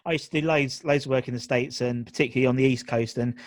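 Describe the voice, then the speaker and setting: A man's voice: medium pitch, steady tone, fast talker, no echo. Chatty London man hosting an interview. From England. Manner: chatty, rambling with fillers. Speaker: podcast host. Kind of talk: casual video interview.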